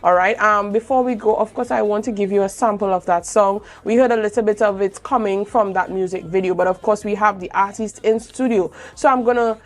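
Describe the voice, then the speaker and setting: A woman's voice: medium pitch, steady tone, brisk, few pauses. A woman hosting a morning show, interviewing a guest with encouraging, affirming remarks. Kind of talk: casual interview chat.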